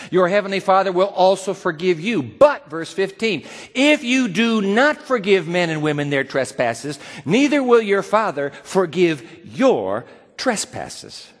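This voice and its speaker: A man preaching a sermon as pastor, dramatic, acting out quoted voices and swinging between loud and soft. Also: sits high, big-room sound.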